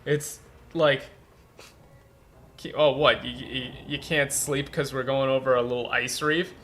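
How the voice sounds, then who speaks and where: A man's voice: medium pitch, steady tone, unhurried, fairly bright tone, slight background noise. A man commenting on a game's translation in a rambling, incredulous way, full of fillers. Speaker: gameplay commentator. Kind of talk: game localization commentary.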